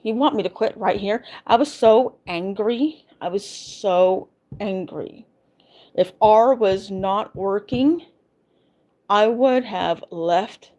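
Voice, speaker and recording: A woman's voice: lowish voice, darkish tone. A woman vlogger venting in a casual, emphatic way, repeating herself as she rants. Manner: emphatic, exasperated ranting with repetitions.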